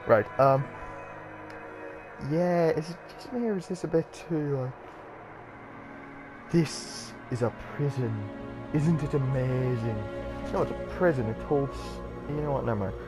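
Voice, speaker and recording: A man's voice: on the high side, animated, moderate pace, over music. A young man casually commenting on a game he is playing, rambling and self-deprecating with lots of fillers. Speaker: gaming channel host. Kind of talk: casual let's-play commentary.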